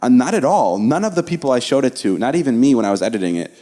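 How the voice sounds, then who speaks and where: A man's voice: mid-range voice, expressive, fast, mellow. A young man co-hosting a podcast in casual chat, talking earnestly and repeating words as he restarts his sentences. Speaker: podcast co-host.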